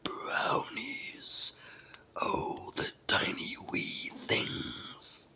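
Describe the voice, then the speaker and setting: A reader whispering a slow, teasing giant in whispered role-play. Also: bright, forceful tone. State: sore throat and cold. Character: huge slow-spoken male giant, delighted and teasing.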